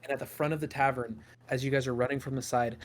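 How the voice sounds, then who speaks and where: A man's voice: medium pitch, steady tone, fast. Man improvising as game master. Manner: loose, improvised storytelling with fillers. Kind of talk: narrating a tabletop game.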